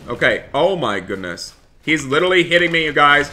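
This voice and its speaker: Bright, animated male gaming host. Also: a little high, brisk, slight background noise. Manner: animated, keeps addressing viewers as guys, shouts for help in panic. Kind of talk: excited gameplay commentary.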